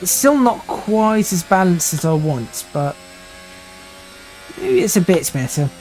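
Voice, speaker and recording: Young man, slightly high voice, live sim racing commentary, thinks aloud and restarts sentences, faint music behind. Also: lively intonation, measured pace, darkish tone. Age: 20s.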